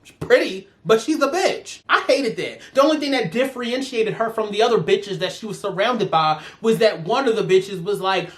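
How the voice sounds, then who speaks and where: A woman's voice: mid-range voice, very animated, normal speed, hardly any pauses. A woman giving a ranting review in a vlog, sassy and profane as she vents. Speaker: show reviewer.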